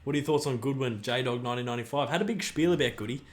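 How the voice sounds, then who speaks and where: Excitable Australian man calling a live match. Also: medium pitch, rapid-fire. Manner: excitable, cheers and groans at players, chatty. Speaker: livestream host. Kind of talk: live watch-along commentary and chat reading.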